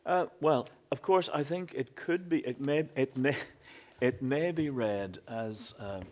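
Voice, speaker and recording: A man speaking as a poet on a literary panel, deliberate and measured in his phrasing. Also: mid-range voice, darkish tone. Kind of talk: panel discussion.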